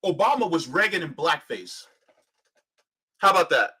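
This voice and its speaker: A man's voice: fairly high pitch, big pitch swings, moderate pace, sharp tone, slightly rough, poor audio. A man giving heated political commentary on a live stream, ranting, sarcastic, and full of rhetorical questions.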